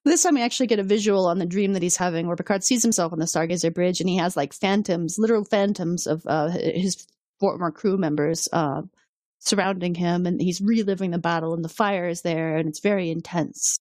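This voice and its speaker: A woman's voice: lowish voice, a little fast, dry recording, clean studio sound. A woman co-hosting a podcast, casually recapping an episode and acting out characters' lines. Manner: animated, acts out characters' lines in quotes. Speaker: podcast co-host.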